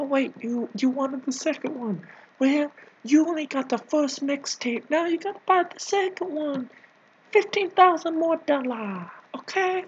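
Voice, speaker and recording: A man's voice: very high-pitched, lo-fi sound, a little hiss or hum. A man doing a put-on voice for a bossy, scolding comic nanny character, rambling and teasing with sudden whispers. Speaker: video creator. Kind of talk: improvised comedy rant in a put-on voice.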